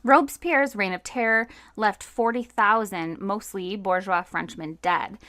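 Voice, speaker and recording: A woman's voice: mid-range voice, fairly even intonation, a little slow, a bit bright, no echo. A woman co-hosting a history podcast, reading from notes in a casual way with fillers and asides. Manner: casual, reads notes then riffs with fillers. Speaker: podcast co-host. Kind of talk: conversational history podcast narration.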